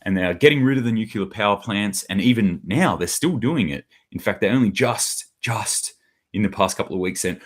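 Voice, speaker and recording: A man's voice: fairly low pitch, expressive, a little fast, husky. A middle-aged man hosting a solo news commentary, blunt and sarcastic, acting out quotes in mock voices.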